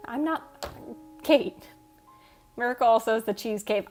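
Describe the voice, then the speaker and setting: A woman with a voice on the high side talks at a measured pace on her livestream, reading comments from viewers. The chat is casual and rambling, full of self-interruptions and offhand swearing, with faint background music.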